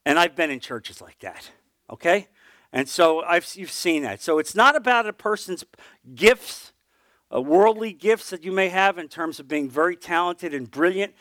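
A man's voice: lively intonation, moderate pace, no room sound, clean studio sound. A middle-aged man teaching a Bible class, telling a personal testimony in an earnest, conversational way. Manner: earnest storytelling, voice dropping low and soft at emotional points.

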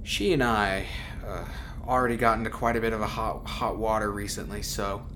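A man's voice: on the low side, moderate pace, noisy background, close to an everyday voice. A man doing a wary courtly pilot. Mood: cautious. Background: background music.

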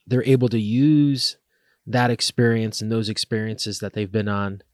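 A man's voice: fairly low pitch, level tone, normal speed, a little mellow, dry recording, studio quality. A man hosting a podcast interview, asking long rambling questions with many fillers. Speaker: podcast host. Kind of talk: interview conversation.

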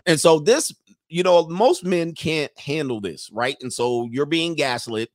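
A man's voice: on the high side, animated, unhurried, a little hiss or hum. A man hosting a reaction commentary, talking about a video clip in an emphatic, sarcastic way. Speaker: commentary host.

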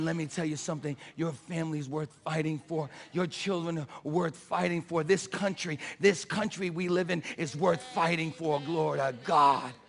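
A man preaching an impassioned sermon, building to shouted peaks with a repetitive cadence. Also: on the high side, gravelly, long reverb tail.

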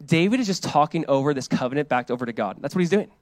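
Conversational pastor preaching in a dry room. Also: male voice, on the high side, animated, fast, dry recording. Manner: conversational, acts out voices in quotes; drops to a soft hush for reflective passages. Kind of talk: sermon.

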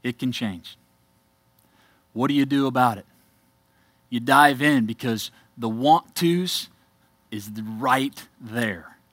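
A man preaching to a congregation, telling his own story with earnest emphasis and quiet asides. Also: medium pitch, takes it slowly, long pauses, no room sound, studio quality. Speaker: church speaker giving a testimony. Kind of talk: testimony sermon.

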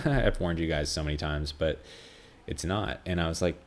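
A man's voice: rumbling low, expressive, normal speed, vocal fry. A young man hosting a casual solo film podcast, rambling and swearing freely with lots of fillers. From Canada. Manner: rambling, profane, frequent fillers. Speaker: podcast host, film reviewer.

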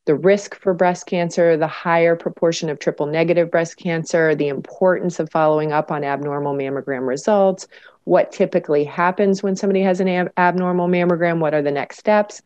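Low-voiced woman explaining, lo-fi sound. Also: fairly even intonation, a little fast, a little mellow. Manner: explanatory, many fillers. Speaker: cancer researcher guest. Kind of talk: podcast interview answers.

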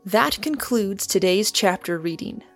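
Gravelly woman reading aloud. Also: medium pitch, lively intonation, fairly bright tone, soft background music. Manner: measured, storytelling. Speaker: podcast host and reader. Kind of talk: audiobook narration.

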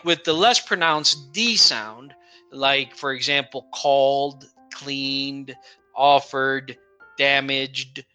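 Slow, bright-voiced male English teacher. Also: mid-range voice, clean tone, soft background music. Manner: slow, patient, repeats example words. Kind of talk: explaining pronunciation.

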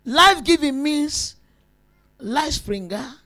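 A woman preacher gives a sermon to women in a high, slow voice. She's emphatic and lively, shifting from soft asides to shouted peaks.

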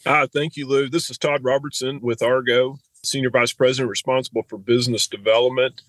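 A man's voice: medium pitch, fairly bright tone, dry recording, rough recording. A man, a business executive guest on a podcast, introducing himself and telling a story casually.

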